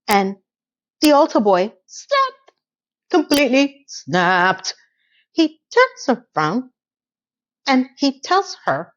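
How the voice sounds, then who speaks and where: A woman hosting a casual TV episode recap, telling scenes with animated storytelling. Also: mid-range voice, slow pace, long pauses, muffled recording. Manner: animated storytelling, breaks into laughter. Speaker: recap host.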